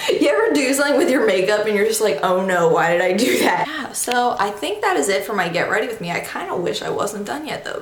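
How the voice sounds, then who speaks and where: Chatty young woman in her twenties, casual beauty vlog, mid-pitched, echoey room. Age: 20s. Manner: chatty, self-deprecating, drawls slang words. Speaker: beauty vlogger. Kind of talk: casual get-ready-with-me chat. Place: room at home, doing her makeup.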